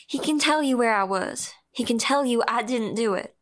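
A woman's voice: on the high side, moderate pace, a bit bright. Young woman narrating her own story, earnest and emotional, first person. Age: young adult. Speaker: narrator and protagonist.

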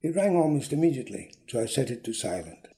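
A man reading a short story aloud in a dry, deadpan manner. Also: mid-range voice, fast, gravelly. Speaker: reader.

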